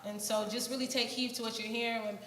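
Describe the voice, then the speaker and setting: A woman's voice: on the high side, level tone, fast, fairly bright tone. A young woman giving an earnest church testimony about her mission trip, telling her story with many fillers. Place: church hall. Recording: echoey hall, faint noise.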